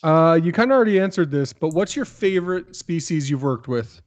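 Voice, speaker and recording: A man's voice: on the high side, animated, fairly quick, no echo. A man hosting a podcast in casual chat, teasing his co-hosts playfully and asking them questions.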